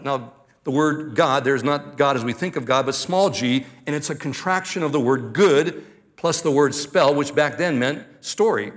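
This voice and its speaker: In a sermon, a grandfatherly pastor with a bright, somewhat high voice first reads from scripture. He follows with teaching delivered slowly and deliberately, putting weight on key words.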